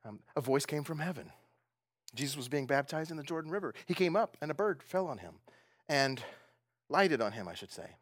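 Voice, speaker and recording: A man's voice: a little high, lively intonation, fairly quick, no room sound, studio quality. A man preaching a sermon, talking conversationally, asking the audience questions and often laughing. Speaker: pastor.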